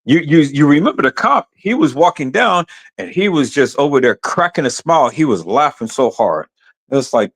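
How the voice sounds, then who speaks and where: A man's voice: on the high side, very animated, moderate pace. Impassioned man ranting on a live stream. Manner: impassioned, repetitive, addresses viewers as "peoples".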